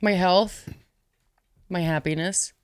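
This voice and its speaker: A woman's voice: fairly low pitch, fairly even intonation, takes it slowly, clean tone, no room sound. A woman in her thirties, a guest in a studio interview, talking in a laid-back way, laughing easily and swearing casually. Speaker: interview guest, professional wrestler.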